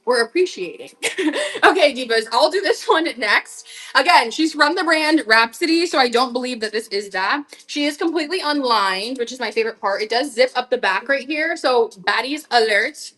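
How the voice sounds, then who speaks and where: A high-voiced young woman runs a live clothing sale. She chats in quick, slangy bursts, dropping to murmured asides and then spiking loud and excited. Faint music plays underneath. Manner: bubbly and chatty, heavy slang, swings from hushed asides to loud outbursts. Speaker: live-stream seller of vintage clothes. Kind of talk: casual live-stream selling chat.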